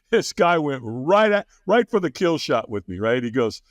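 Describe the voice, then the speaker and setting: As a podcast guest, a man with a fairly high pitch and a somewhat slow delivery tells a story with energy, laughing often and acting out what others said. The recording is dry, with clean studio sound.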